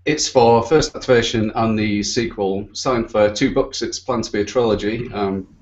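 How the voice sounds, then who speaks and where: Man, Northern English accent, podcast guest author, easygoing, low-pitched, lo-fi sound. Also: moderate pace. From north of England. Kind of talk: casual podcast chat.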